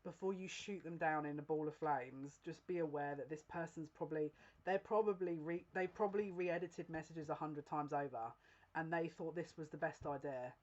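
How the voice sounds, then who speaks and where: A woman giving a casual psychic reading to her viewers. She speaks in a confiding, direct way and keeps breaking into giggles, with halting restarts. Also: sits low, darkish tone, lo-fi sound. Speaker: psychic reader. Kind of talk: casual tarot-style general reading to camera.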